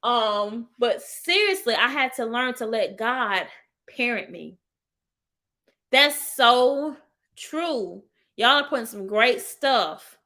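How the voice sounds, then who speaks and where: A woman with a fairly high, bright, forceful voice hosts a casual live-stream chat about healing. She speaks directly to her viewers, calling them y'all.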